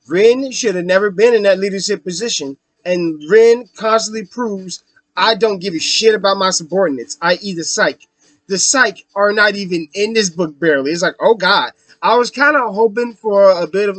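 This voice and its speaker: A man rants through a casual book review in a high, bright, cutting voice. He swears freely and stumbles through fillers as he works out his points. The sound is close and dry, with no room around it. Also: dry recording. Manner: ranting, profane, with frequent fillers.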